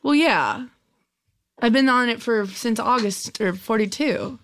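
A young woman with a somewhat high voice talks into a podcast mic. She plays her bits deadpan and flustered. She keeps slipping into giggles. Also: unhurried. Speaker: guest comedian. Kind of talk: improvised comedy chat.

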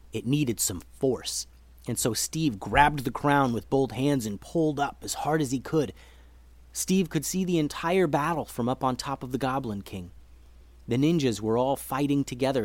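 A man tells a children's adventure story with lively expression, as host of his own podcast. His voice sits in a middle pitch. The recording is close and dry. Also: no echo. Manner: lively, expressive reading for kids.

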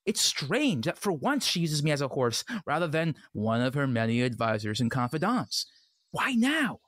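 A man's voice: a little high, sing-song, moderate pace, fairly bright tone, dry recording. A man playing a horse who serves as the queen's advisor. He rambles and stammers in an improvised comedy play. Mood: scheming.

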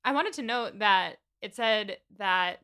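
A woman co-hosting a casual book discussion, retelling scenes in a chatty, animated way. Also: medium pitch, takes it slowly, clean tone. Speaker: podcast co-host.

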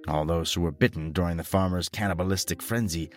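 A man narrating a horror story in a dramatic, expressive storytelling style. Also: sits low, fast. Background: faint music.

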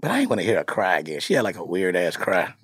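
A middle-aged man tells animated, profane stories in casual chat, laughing as he goes. His voice is gravelly and husky, and it swings widely in pitch. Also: quick pace, dry recording, studio quality. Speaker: podcast host.

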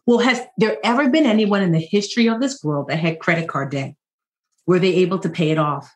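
A woman in her forties, a financial educator and podcast guest, telling stories in a lively, joking way. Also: fairly low pitch, brisk. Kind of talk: conversational podcast interview.

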